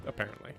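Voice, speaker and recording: Chill game streamer, talks slow but super animated, laughs a lot, chatting w their cat mid stream. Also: medium pitch. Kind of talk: casual live-stream game commentary. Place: home room.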